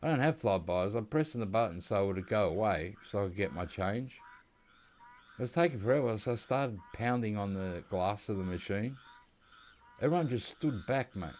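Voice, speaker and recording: There's slight background noise behind this expressive, low-leaning, darkish male voice at normal speed. An Australian-accented commentator, he rambles through casual stories over a hunting game.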